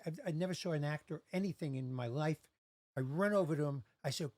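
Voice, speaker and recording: A man's voice: fairly high pitch, fast, no echo. A man in his sixties telling a personal story in casual podcast chat, acting out the voices of the people in it. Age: 60s. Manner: animated, acts out quoted voices.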